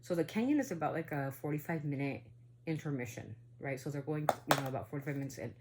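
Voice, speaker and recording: A woman casually telling a spooky family story, rambling with asides and questions to the listener, sometimes going hushed for the eerie parts. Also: low voice, expressive, quick pace, very noisy. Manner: rambling, full of asides and "right?".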